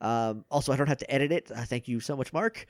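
A man guest on a podcast, chatting casually and plugging his shows with quick asides. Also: mid-range voice, no room sound, studio quality.

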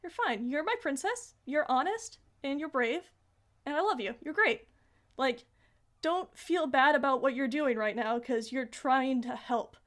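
A gentle, lonely guardian of time speaks softly and reassuringly, as a woman puts her on. The voice sits high. It is a casual retelling rather than a polished performance. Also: expressive, measured pace. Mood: affectionate.

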